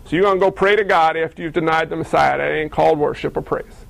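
A man preaching a sermon in a lively, animated way, acting out the people in the story he tells. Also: fairly high pitch, fast, vocal fry, no echo, rough recording. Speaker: pastor.

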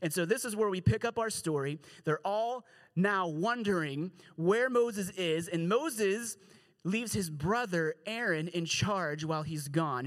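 A man preaching a casual, storytelling sermon, animated and joking, slipping into quick voices for the people in the story. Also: high-pitched. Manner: slangy, joking asides. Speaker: pastor.

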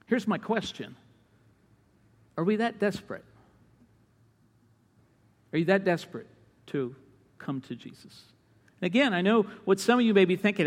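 Pastor, male, high pitched, impassioned sermon delivery that swings from loud calls to hushed lines; church hall with long reverb. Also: expressive, moderate pace, long pauses. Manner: impassioned preaching, rising to shouts and dropping low.

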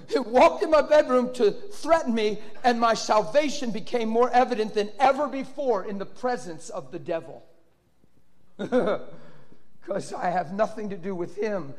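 A man preaching a sermon, telling a personal story with fervent, sudden loud outbursts. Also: sits high, measured pace. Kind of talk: sermon testimony. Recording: long reverb of a large hall.

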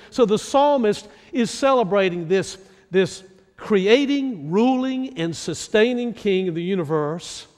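This male pastor from North Carolina preaches slowly and deliberately, his voice high for a man. Rhetorical questions pull the listener in, while a long reverb lingers after each phrase, like in a large hall.

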